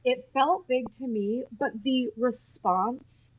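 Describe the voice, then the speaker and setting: A woman from Utah, a nurse, telling animated stories as a podcast guest, often laughing and acting out what people said. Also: sits high, slow pace, slightly rough, rough recording. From Utah, USA. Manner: animated, laughing, acts out quoted speech. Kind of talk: casual interview storytelling.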